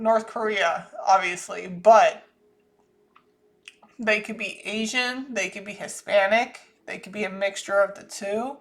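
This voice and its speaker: A woman with a Southern US accent, talking casually through a psychic reading and thinking aloud with frequent restarts. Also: medium pitch. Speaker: psychic channeler.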